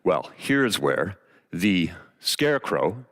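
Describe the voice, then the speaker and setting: A man preaching a sermon, retelling a story with dramatic pauses and expressive delivery. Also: low-pitched, vocal fry.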